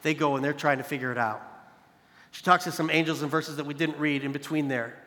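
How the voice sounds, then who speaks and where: A man's voice: a little high, steady tone, fairly quick, pushed and bright, big-room sound. A man preaching a sermon in a conversational tone, calling listeners "you guys" and building emphasis through repeated phrases. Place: large hall, evening service.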